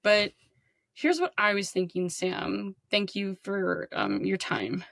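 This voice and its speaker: A woman's voice: medium pitch, very animated, slow, vocal fry, fairly bright tone, dry recording. A woman hosting a sports podcast in casual, joking chat. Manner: chatty, joking, laughs often. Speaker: podcast host.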